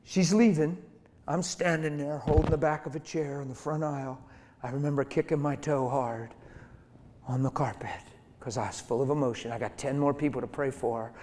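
A man preaching a sermon as a story, emphatic and conversational, acting out the voices of the people in it. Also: mid-range voice. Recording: hall reverb.

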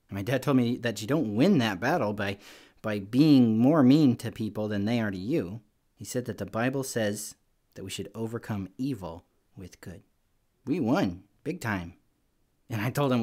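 A man's voice: fairly low pitch, darkish tone. A man telling a story for a children's church program, chatty and youthful, with many fillers.

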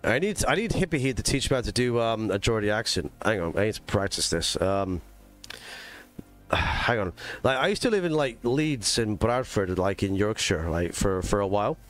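A man's voice: on the low side, expressive, brisk, hardly any pauses, faint music behind. A man with a mixed English and Scottish accent streaming a racing game live, chatting casually to his viewers with lots of fillers. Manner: chatty, rambling, talks to chat with fillers. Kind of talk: live gaming stream chat.

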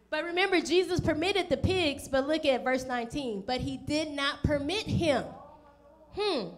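A woman with a high voice preaches a sermon as pastor. She speaks straight to her listeners with questions. She brings the story to life by putting on the voices of its people. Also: moderate pace. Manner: direct questions to the congregation.

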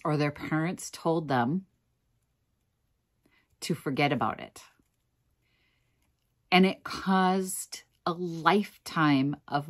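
Low-voiced tired woman vlogger. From Minnesota, USA. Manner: earnest, tired, near tears at times. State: exhausted. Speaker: thrift reseller vlogger. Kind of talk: casual emotional talk to camera.

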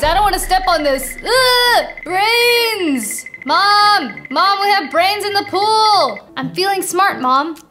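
A young woman with a very high voice, commenting on her gameplay in an unhurried, excitable way. She reads the on-screen lines aloud and chats to her viewers. Game music plays clearly behind her. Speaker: gaming video host.

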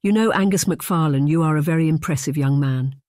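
A narrator gives a gentle, polite young Englishwoman who speaks in a raised, careful register. The delivery is clean and dry. She sounds close to the mic. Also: medium pitch, fairly quick, dry recording, close to an everyday voice. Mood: warm. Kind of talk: audiobook character voice.

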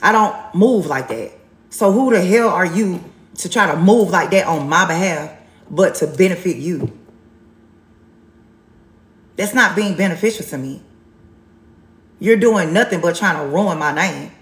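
A woman's voice: on the low side, expressive, unhurried, pauses often, reverberant. A woman giving a live tarot reading, blunt and sassy, repeating herself for emphasis. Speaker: tarot reader on a livestream.

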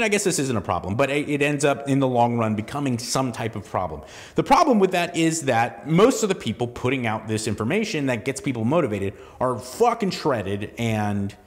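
A man from southern California is talking through a loose solo podcast monologue. His voice sits at an ordinary middle pitch. He rambles, swears and restarts his sentences, and a long reverb trails behind each phrase. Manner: rambling, profane, full of restarts and asides. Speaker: podcast host.

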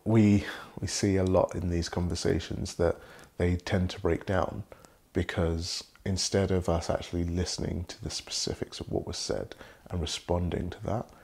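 Deep gravelly young man, measured and thoughtful. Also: darkish tone. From Britain. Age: young adult. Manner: measured, thoughtful, polished professional delivery. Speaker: guest. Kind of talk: reflective conversation.

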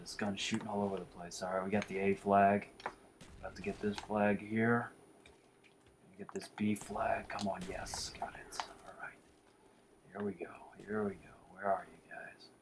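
Guy cussing thru a shooter match, mutters then yells, slowish, faint hiss behind. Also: lowish voice, fairly even intonation. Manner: swears a lot, swings from muttered whispers to frustrated shouts; calls himself the Warlock in the third person. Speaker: gameplay commentator. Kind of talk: live shooter-game commentary.

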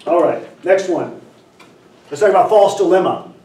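A man lecturing and telling a story, acting out the dialogue, often clearing his throat. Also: high voice, moderate pace. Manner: animated, acts out dialogue, frequent throat clearing. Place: lecture room. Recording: roomy lecture hall from far off.

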